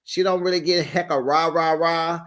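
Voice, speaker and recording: A host casually recapping a reality TV episode, animated and sassy, tossing in "child" and "honey". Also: medium pitch, normal speed. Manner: animated and sassy, quotes cast members; colloquial, says "child" and "honey".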